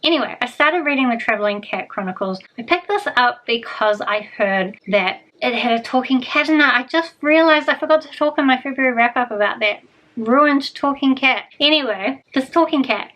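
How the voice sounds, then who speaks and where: A woman's voice: high voice, lively intonation, moderate pace, fairly bright tone, poor audio. A woman talking casually in a reading vlog, rambling and chatty, often correcting herself mid-sentence. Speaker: book vlogger.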